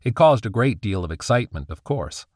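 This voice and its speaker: A man giving a steady, scripted audiobook narration. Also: lowish voice, a little fast, dry recording, clean studio sound.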